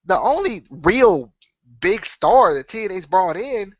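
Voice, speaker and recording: A man's voice: high-pitched, animated, slow pace, no echo, lo-fi sound. A man hosting a wrestling podcast, his voice sick, talking in a casual rambling way with lots of "right?" and "you know.". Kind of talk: casual solo opinion talk.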